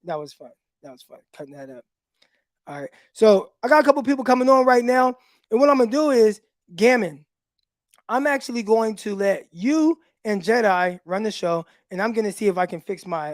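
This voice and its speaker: A man hosting a casual livestream, telling stories in an animated way with laughs, talking into a phone. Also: sits high, normal speed, no room sound, studio quality. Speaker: podcast host and former football player.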